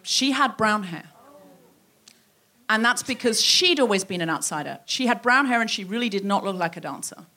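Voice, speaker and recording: A woman from Australia telling a comic story on a theatre stage, acting out the voices of the people in it with lively energy. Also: medium pitch, normal speed. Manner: animated, acts out quoted voices. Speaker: comedian. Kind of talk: stand-up storytelling. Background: audience laughter.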